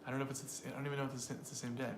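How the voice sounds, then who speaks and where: A man co-hosting an English pronunciation lesson, repeating example phrases slowly and explaining word stress in a relaxed way. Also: medium pitch. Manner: slow, drawn-out repetition of example phrases. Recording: roomy with faint noise.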